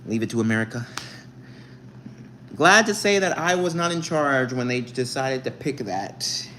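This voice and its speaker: A man's voice: mid-range voice, expressive, a little slow, bright, forceful tone, slight background noise, poor audio. A young man casually chatting with viewers on a live stream, reading their comments aloud and joking with them. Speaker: livestreamer.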